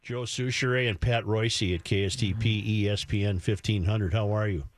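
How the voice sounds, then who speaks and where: A man's voice: fairly low pitch, fairly even intonation, moderate pace. A man co-hosting a sports talk radio show, joking wryly with his partner and callers. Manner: wry, joking. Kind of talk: casual sports radio chat.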